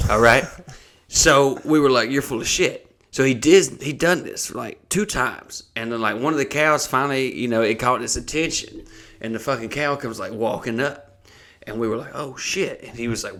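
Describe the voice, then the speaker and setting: A man's voice: medium pitch, normal speed. A man, co-hosting a podcast and telling a rowdy story in casual chat, swearing often and laughing as he goes. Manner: profane, laughing, animated storyteller. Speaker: podcast co-host.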